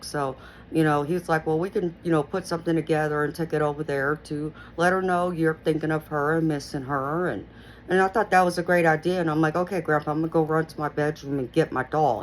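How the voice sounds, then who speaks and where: A deep-voiced woman hosts her own channel, earnestly and reflectively retelling a personal story. She rambles with plenty of "you know" fillers, and the low-quality recording carries slight background noise.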